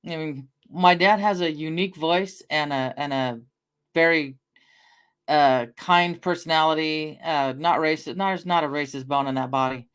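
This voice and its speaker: A middle-aged woman from the Northwest with a deep, clean voice talks at a moderate pace during a casual livestream chat. She drifts loosely from one anecdote to the next, swears offhandedly, and breaks off to answer viewers in chat.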